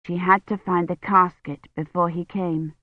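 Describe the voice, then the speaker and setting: A woman narrating an audiobook in a measured, even storytelling manner. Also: fairly low pitch, no echo, narrow, tinny audio. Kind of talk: scripted narration.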